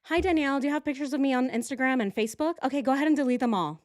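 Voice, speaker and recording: A woman's voice: sits high, very fast, darkish tone, no echo, clean studio sound, pitched above the performer's own voice, close to an everyday voice. A woman putting on a mocking impression of a petty, melodramatic young woman who rattles off orders on the phone, whiny and over the top. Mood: bossy.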